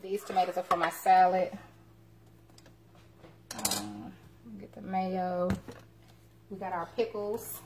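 A woman with a lowish voice and big pitch swings cooks in her home kitchen on a live stream, chatting with and teasing her viewers. She talks slowly and pauses often, with background noise including dishes and cutlery clattering.

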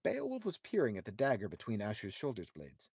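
A man reading a storybook aloud for young students in an expressive, deliberate way. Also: lowish voice, slightly rough. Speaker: narrator.

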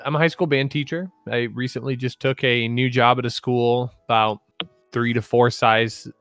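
A man's voice: mid-range voice, steady tone, moderate pace, a bit bright, clear, resonant tone, no room sound, soft background music. A man co-casting a game tournament in a friendly, upbeat way. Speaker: co-caster. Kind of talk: casual game commentary.

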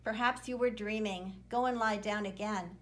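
Brief: woman reading a kind, frail old priest, gentle and soothing, storybook read-aloud. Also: mid-range voice, fairly even intonation, normal speed, lightly acted.

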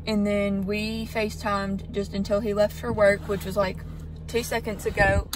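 A sleep-deprived teenage woman, vlogging casually at home in a chatty, rambling way with apologetic asides. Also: mid-range voice. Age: teens. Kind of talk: casual vlog talk to camera.

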